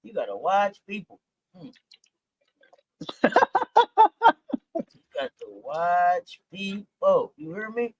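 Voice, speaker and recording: A woman hosting a casual sports talk stream, animated and incredulous, repeating herself as she talks. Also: on the low side, slow pace, pauses often, no echo. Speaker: sports talk show host.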